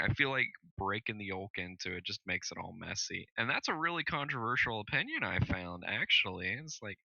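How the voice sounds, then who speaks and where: A man co-hosting a casual podcast, blunt and quick to swear, often laughing. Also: fairly low pitch, lively intonation, creaky, pushed and bright, dry recording, lo-fi sound. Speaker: podcast co-host. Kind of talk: casual chat.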